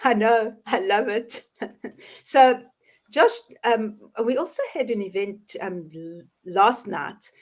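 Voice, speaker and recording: A woman hosting a casual online chat over a video call, bubbly and quick to laugh. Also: medium pitch. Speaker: host.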